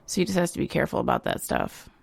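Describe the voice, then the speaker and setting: A woman with a low, gravelly voice and some vocal fry, talking on a podcast. She speaks in a measured way and gently scolds, hedging with fillers. The sound is close and dry. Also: huge pitch swings, no room sound. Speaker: podcast co-host. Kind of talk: casual podcast chat.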